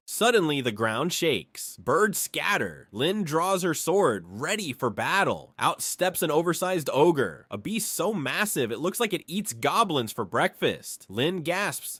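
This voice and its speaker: Male narrator for a comic anime recap: wry, jokey, animated delivery, dry booth sound. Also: fairly high pitch, a little slow, few pauses, breathy edge, no echo.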